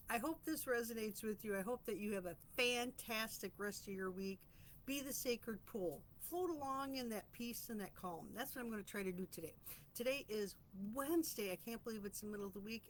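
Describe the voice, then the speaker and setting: A woman talks through her week in a casual, reflective self-help chat. Her voice sits at an ordinary middle pitch, earnest and chatty, and she draws out key phrases. A faint hum of noise runs underneath. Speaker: host of a weekly reflection vlog.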